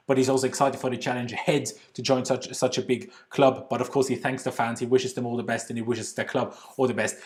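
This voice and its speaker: A man's voice: mid-range voice, darkish tone. A man with an Austrian accent hosting a casual football livestream from home, chatting loosely with British slang and answering viewer comments. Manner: casual British slang, says "bloody" often. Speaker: football channel host.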